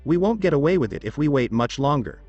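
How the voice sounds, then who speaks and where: A man's voice: on the high side, expressive, fast, darkish tone, muffled recording, faint music behind. A man voicing a brash, impatient male ninja thug. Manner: exclaiming, brash.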